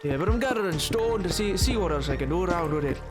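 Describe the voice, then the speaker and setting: A man's voice: high voice, animated, quick pace, music in the background. A man putting on an Irish accent to voice a jolly, mumbling Irish man, with tapped T sounds. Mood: jokey. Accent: put-on Irish.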